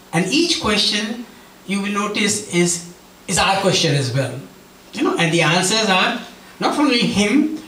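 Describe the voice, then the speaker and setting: Earnest male speaker at a devotional gathering, higher voice, storytelling. Distant, roomy hall sound with faint background noise. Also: pushed and bright. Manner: earnest, storytelling, acts out quotes. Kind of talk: devotional talk with personal stories.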